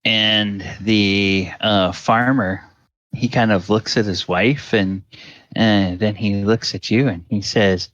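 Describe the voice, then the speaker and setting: A man narrating a tabletop game as game master, halting with many fillers. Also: fairly low pitch, steady tone, fairly bright tone, dry recording, lo-fi sound.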